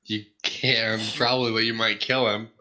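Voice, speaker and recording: A young man playing a tabletop game, excitable and quick to laugh. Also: lowish voice, poor audio. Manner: lively, laughs often, excitable. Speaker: player. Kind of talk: casual tabletop banter.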